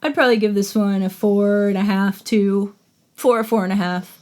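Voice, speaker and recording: A woman's voice: mid-range voice, steady tone, moderate pace, darkish tone. Wry woman chatting about films. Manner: frank, wry, dry asides. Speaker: podcast co-host. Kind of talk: casual movie review chat.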